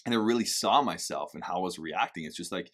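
Husky-voiced man talking candidly on parenting. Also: sits low, fast. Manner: animated and candid, swings to loud emphatic bursts; occasional swearing. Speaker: parenting vlogger. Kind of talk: casual reflective talk to camera.

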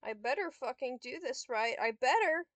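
A woman's voice: high-pitched, lively intonation, normal speed, no room sound. A young woman giving casual gameplay commentary, swearing and snapping frustrated insults at a computer opponent. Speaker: gamer vlogger.

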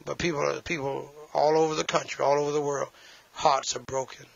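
A man's voice: fairly high pitch, level tone, fairly quick, vocal fry, lo-fi sound. A man preaching a sermon, emphatic and repetitive, with folksy asides.

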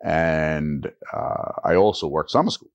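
A man's voice: a bass voice, measured pace, vocal fry. An older man, a retired teacher, telling stories in an oral history interview and animatedly acting out the people he quotes. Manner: animated storyteller who acts out quoted voices.

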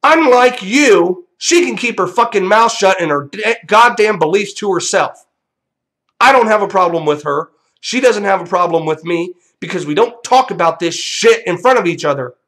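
A man's voice: sits high, expressive, moderate pace, fairly bright tone. A young man hosting a vlog, delivering a profane, combative rant straight to viewers. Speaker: channel host.

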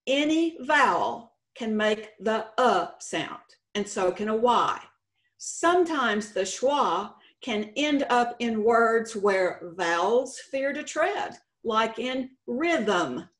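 A woman with a Texan accent giving a conference presentation with slides, explaining slowly and deliberately, stretching out example words. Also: mid-range voice, a bit bright. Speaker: state contest director presenting. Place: conference session room.

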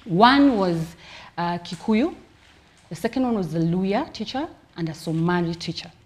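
A young Kenyan woman, a comedian, telling stories in a casual interview with a lively, laughing manner. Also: lowish voice, moderate pace, slight background noise. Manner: lively storytelling, laughing often. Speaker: comedian guest.

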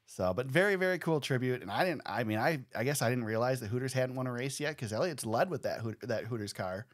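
Animated man hosting a racing podcast. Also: mid-range voice, fast. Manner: lively, laughing, easygoing. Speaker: podcast host. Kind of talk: casual chat.

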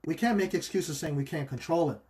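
A male pastor speaking in a fairly high voice, relaxed and conversational. He keeps checking in with his listeners with a quick "okay?" and slips into animated voices when he quotes people's excuses. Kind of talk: livestreamed marriage teaching.

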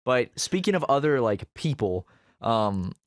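A young man co-hosts a loose, joking podcast and tells stories in an animated way, breaking into loud laughs. His pitch swings widely from low to high. The sound is dry and close, with no room echo. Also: unhurried. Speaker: podcast co-host. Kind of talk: casual podcast banter.

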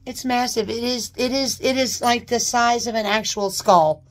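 A woman chatting casually as she unboxes a new purse, gushing with excited exclamations. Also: a little high, moderate pace. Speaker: unboxing vlogger. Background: paper crinkling.

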